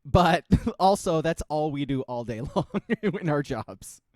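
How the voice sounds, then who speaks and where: A middle-aged man co-hosting a podcast in casual chat, animated, laughing often and swearing freely. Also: on the high side, slow, dry recording, studio quality. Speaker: podcast co-host.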